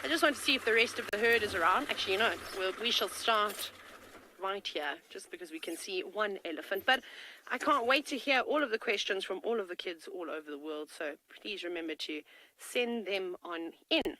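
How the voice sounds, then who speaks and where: A woman's voice: mid-range voice, lively intonation, a little fast, pushed and bright, no echo, low-quality recording. A woman safari field guide giving chatty, enthusiastic live commentary from a game-drive vehicle, with a tickle in her throat. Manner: chatty and enthusiastic, talks to kids.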